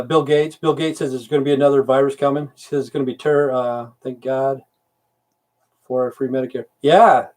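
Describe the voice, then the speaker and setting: On his casual livestream, a middle-aged man who served in the military reads out viewer comments and grumbles his way through rambling, profane replies. His voice is on the high side with a darkish tone.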